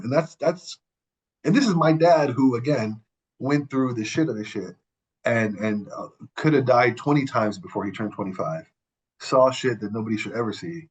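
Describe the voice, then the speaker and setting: A man, a podcast guest, telling a story in a casual, animated and profane way, acting out the people he quotes. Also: medium pitch, moderate pace, low-quality recording.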